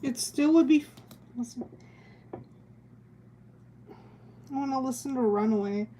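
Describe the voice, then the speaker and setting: While drawing live, a young woman chats in a giggly, meandering way, her high voice mellow and measured in pace. The recording carries a slight hiss or hum.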